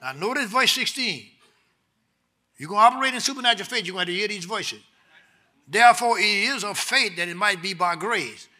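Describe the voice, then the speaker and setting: Male pastor, high bright voice, preaches call-and-response, drops low to teach and rises loud to exhort. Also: animated, brisk. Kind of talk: sermon.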